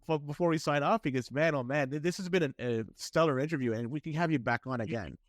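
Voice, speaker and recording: A man's voice: fairly high pitch, quick pace, no echo. A man hosting a podcast interview, chatting casually and laughing easily at his guest's stories. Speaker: podcast host.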